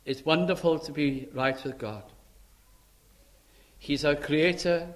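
A man preaching a sermon in a church, emphatic and dramatic, swinging between loud and soft. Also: fairly high pitch, takes it slowly. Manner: emphatic, dramatic rises and drops in loudness.

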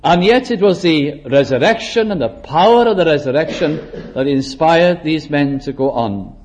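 A man preaches a church sermon at a measured pace, and his voice sits a little higher than most men's. He draws out key words when he stresses scripture. Now and then he clears his throat or restarts a phrase. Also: expressive, a little mellow, a little hiss or hum. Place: church service.

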